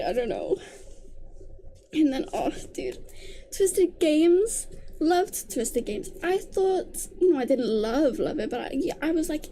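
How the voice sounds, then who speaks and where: High-voiced woman ranting about books. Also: takes it slowly, slight background noise. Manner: animated, exasperated, laughing mid-sentence. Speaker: book vlogger. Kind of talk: casual rant to camera.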